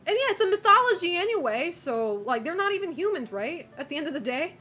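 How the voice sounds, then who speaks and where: A woman's voice: very high voice, very animated, a little fast, sharp tone, soft background music. A woman streamer chatting casually with viewers, opinionated, swearing and laughing often.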